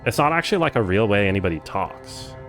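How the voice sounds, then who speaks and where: A man's voice: fairly low pitch, fast talker, soft background music. A young man with a Californian accent streaming a game, chatting casually and saying "like" a lot. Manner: chatty, relaxed, lots of "like". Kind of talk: casual live-stream chat.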